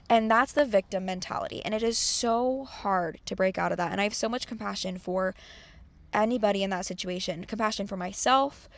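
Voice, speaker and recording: Young woman chatting about mindset, earnest and chatty, middle pitch. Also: fairly quick. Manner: chatty, earnest, acts out her own complaining thoughts. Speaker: host of self-help channel. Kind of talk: casual motivational talk to camera.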